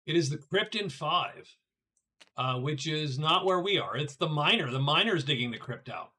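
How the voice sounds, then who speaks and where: Expressive and sharp-toned, this middle-aged man speaks at normal speed with a fairly high pitch. He streams a solo board game, chatting casually with viewers and reasoning aloud, often stumbling and repeating words.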